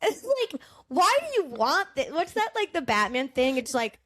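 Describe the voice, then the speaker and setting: A woman stand-up comedian from the Boston area, chatting casually as a podcast guest. She tells stories in an animated way, with a lot of fillers and frequent swearing. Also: high-pitched, normal speed.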